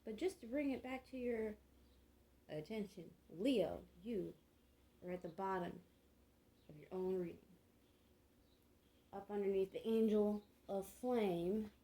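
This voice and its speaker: A woman's voice: mid-range voice, a little slow, pauses often, warm tone, low-quality recording. A woman reading tarot cards, musing and murmuring card words to herself in a slangy, chatty way. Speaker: tarot reader.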